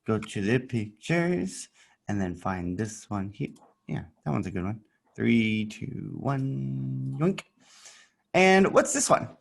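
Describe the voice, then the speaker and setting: A man's voice: medium pitch, very animated, takes it slowly, creaky. A man teaching a child English in an online lesson, patient and playful, repeating words for the child to echo and adding little sound effects. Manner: playful, adds sound effects while showing pictures.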